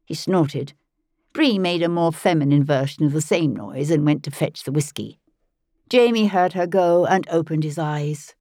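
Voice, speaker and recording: Low-voiced woman narrating an audiobook. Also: no room sound, clean studio sound. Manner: calm, measured storytelling. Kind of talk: first-person audiobook narration.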